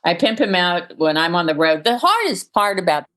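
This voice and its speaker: A woman's voice: on the low side, big pitch swings, normal speed, a bit bright. A middle-aged woman, a stand-up comedian as guest, telling funny stories and laughing often. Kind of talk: casual comedic interview chat.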